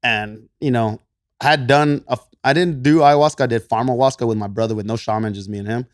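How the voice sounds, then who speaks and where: A man's voice: medium pitch, a little fast, dry recording. Texan guy on a podcast, easygoing storyteller, laughs a lot, dry close mic. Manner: laughs often, swears, quotes himself in animated voices. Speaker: podcast guest, gym coach. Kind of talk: casual storytelling.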